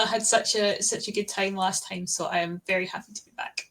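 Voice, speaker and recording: Enthusiastic creaky-voiced woman guest. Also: mid-range voice, fairly even intonation, a little fast, few pauses, slight background noise, poor audio. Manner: warm, enthusiastic, reassuring. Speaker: podcast guest, author. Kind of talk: casual podcast chat.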